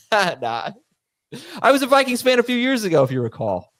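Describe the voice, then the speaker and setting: A man hosting a fantasy football show in casual chat, animated and quick to laugh at himself. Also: high-pitched, no echo. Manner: animated, laughing, self-mocking. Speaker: podcast host.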